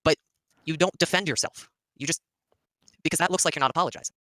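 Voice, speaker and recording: A man's voice: fairly high pitch, quick pace, bright, forceful tone, no room sound. A man in a voice-chat discussion, firmly explaining how to apologize. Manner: firm, lecturing, repetitive. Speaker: participant in group call.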